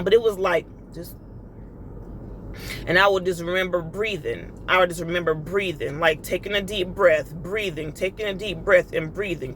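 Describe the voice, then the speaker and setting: A woman's voice: mid-range voice, fairly bright tone, slight background noise, rough recording. A woman speaking casually about her faith and emotions, tearful and confiding, with lots of fillers and repeated phrases. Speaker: inspirational vlogger. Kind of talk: casual spiritual vlog monologue.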